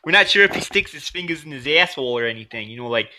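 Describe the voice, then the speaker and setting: A man's voice: fairly high pitch, lively intonation, racing, pushed and bright. A man co-hosting a podcast, bantering casually with crude, profane jokes. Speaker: podcast co-host. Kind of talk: casual chat.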